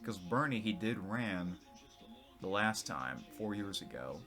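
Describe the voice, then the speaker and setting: A man with a lowish, bright-toned voice chats casually as he reads through posts, often restarting and correcting himself mid-sentence. Faint music plays underneath. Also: expressive, a little slow. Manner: rambling, many restarts and self-corrections. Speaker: vlogger reading tweets. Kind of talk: casual commentary.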